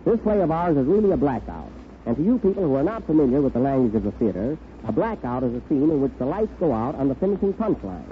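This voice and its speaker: A man's voice: mid-range voice, big pitch swings, fast talker. A man hosting a 1930s radio comedy show, with dry, wisecracking delivery and a voice that rises and falls freely. It sounds thin and phone-like, with faint hiss behind. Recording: tinny, hissy 1930s radio broadcast.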